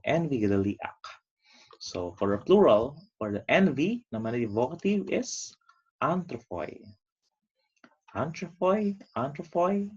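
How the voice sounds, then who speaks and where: A man's voice: on the low side, vocal fry, husky. A man teaching an online lesson, stretching out key words for emphasis. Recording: dull lo-fi recording.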